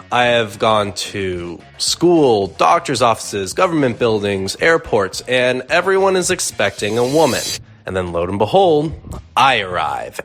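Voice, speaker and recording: A young man from Arizona telling a personal story in a relaxed, conversational way with lots of fillers. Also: on the low side. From Arizona, USA. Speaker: storyteller guest. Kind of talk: casual storytelling.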